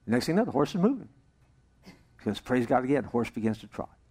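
A man's voice: medium pitch, fast, slightly rough. A male pastor preaching a sermon to a congregation, telling a joke with acted-out voices. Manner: animated storytelling, jokes and acted-out voices. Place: church service with congregation.

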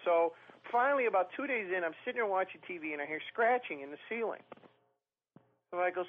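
A man telling long, profane comic stories in a rambling, animated way, often mimicking other people. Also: high voice, a little fast, phone-quality sound. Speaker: storytelling podcast guest.

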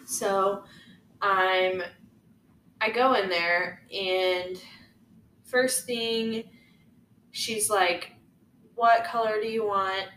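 Bright chatty young woman. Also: mid-range voice, drawn-out words, pauses often. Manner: chatty, lots of "like", animated retelling. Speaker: podcast co-host. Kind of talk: casual chat, storytelling. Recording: echoey room, faint noise.

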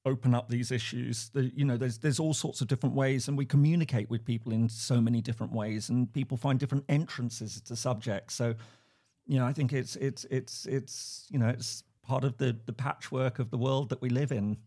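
A man's voice: medium pitch, fairly even intonation, warm tone. Chatty English man, guest on a podcast. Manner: halting, many restarts, laughs often. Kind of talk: casual interview talk. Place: at home, remote.

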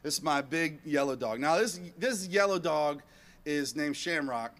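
A man telling an animated personal story to an audience in a rambling, self-mocking way, acting out bits of dialogue. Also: a little high, measured pace.

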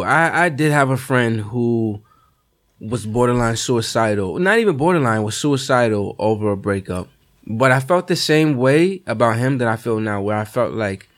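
A man in a casual podcast chat who speaks emphatically and argues firmly for his opinions. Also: mid-range voice.

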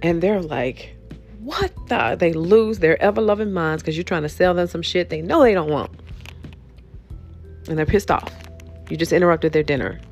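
A woman's voice: fairly low pitch, normal speed, darkish tone, soft background music. A woman hosting a podcast, telling a profane comic rant about bad jobs, laughing often as she talks. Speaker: podcast host. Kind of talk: comedic storytelling rant.

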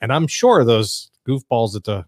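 A man's voice: medium pitch, sing-song, normal speed, a loud crowd. A man hosting a casual podcast, joking around and reading out viewer comments. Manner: jokey, reads out viewer comments. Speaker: podcast host.

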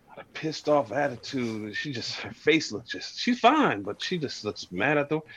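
Podcast co-host, man, animated storyteller, pitch swinging widely. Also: dull audio. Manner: animated storyteller, breaks into laughter. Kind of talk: casual chat.

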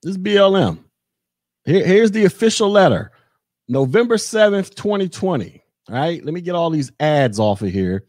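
Animated sarcastic man hosting a podcast. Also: sits high, normal speed, no echo, studio quality. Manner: sarcastic, animated, addresses listeners as y'all. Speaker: podcast host. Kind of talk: opinionated commentary podcast.

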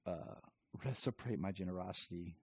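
A man's voice: deep voice, fairly quick, breathy edge, heavily acted. A man voicing an earnest adult male superhero in a loose, casual retelling.

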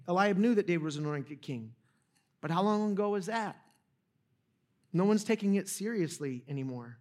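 A man's voice: high-pitched, expressive, normal speed, long pauses, darkish tone. A young adult man preaching a sermon, retelling a story casually with jokes and asides to the audience. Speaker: pastor.

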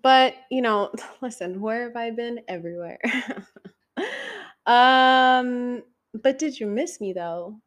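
Woman in her thirties, solo podcast host, unhurried, foul-mouthed, playful, pitch jumps up when excited. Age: 30s. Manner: profane, teasing, talks straight to the listener; high inflection when excited. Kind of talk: casual solo podcast chat.

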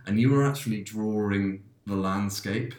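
Low-voiced guy on a podcast, rambling, lots of restarts, echoey room. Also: moderate pace, darkish tone. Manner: rambling, many restarts and fillers. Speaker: podcast host. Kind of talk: casual chat, telling a dream. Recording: roomy echo.

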